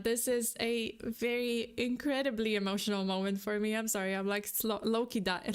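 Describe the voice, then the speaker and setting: A young woman streaming a reaction video, reading and thinking aloud in a giggly, excitable way. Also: fairly high pitch, normal speed, few pauses, clear, resonant tone. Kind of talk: casual reaction commentary.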